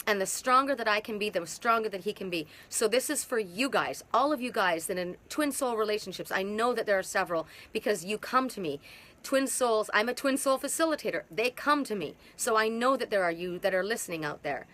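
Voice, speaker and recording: Woman, middle-aged, emphatic, repetitive, spiritual monologue, outdoors, bright tone. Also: mid-range voice, expressive, brisk. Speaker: twin soul facilitator. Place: outdoors in hot humid weather.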